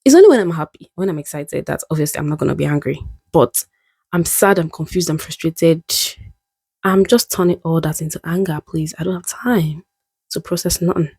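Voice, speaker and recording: A young woman with a low voice and a gravelly fry talks to camera in a candid, musing vlog. She often laughs at herself. The sound is dry and close. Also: brisk, a little mellow, no echo. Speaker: vlogger. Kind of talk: reflective casual monologue.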